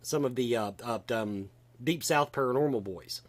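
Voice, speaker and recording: A man's voice: medium pitch, normal speed. A man with a Kentucky Southern accent hosting a casual podcast chat, rambling and restarting as he goes. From Kentucky, USA. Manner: animated, rambling with many restarts. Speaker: podcast host.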